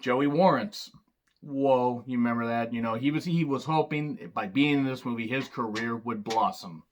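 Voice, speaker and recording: A man's voice: mid-range voice, normal speed. A man giving a casual, rambling spoken film review, full of sarcastic wisecracks and loose asides. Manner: loose and rambling, with fillers and restarts. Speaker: movie reviewer.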